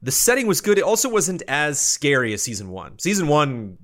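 A man co-hosting a podcast, chatting casually in a rambling, animated way with lots of fillers. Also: fairly high pitch, a little fast. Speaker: podcast co-host. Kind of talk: casual chat.

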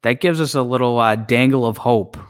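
A man's voice: medium pitch, fairly quick, no room sound. A man co-hosting a casual sports podcast, plain-spoken and agreeable, with some hesitations. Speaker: podcast co-host.

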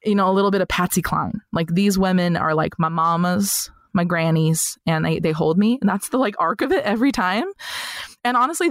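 A woman's voice: on the low side, dry recording, studio quality. A woman guest in a casual interview, talking animatedly and filling her stories with "like" and playful voices. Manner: chatty, animated storyteller full of "like" who slips into comic voices. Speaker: podcast guest.

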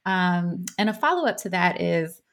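A woman with a slightly low voice hosts an interview. She puts long, careful questions to her guest and pauses often with "um". Her delivery stays measured and thoughtful throughout. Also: lively intonation. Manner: measured, hesitant with frequent "um". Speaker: interviewer, podcast host.

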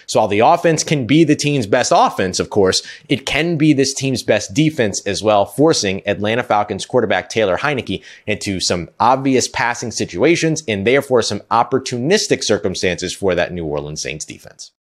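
A man's voice: lowish voice, animated, moderate pace, hardly any pauses. A man who hosts a podcast, giving a prepared and emphatic sports analysis segment laid out point by point. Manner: emphatic, structured argument. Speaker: podcast host, guest analyst.

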